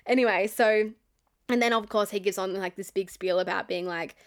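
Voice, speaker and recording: A woman's voice: medium pitch, fairly even intonation, moderate pace. Chatty young woman telling a storytime. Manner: chatty, constant filler "like", frequent laughter. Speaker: storyteller recounting a past relationship. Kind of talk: casual storytime chat.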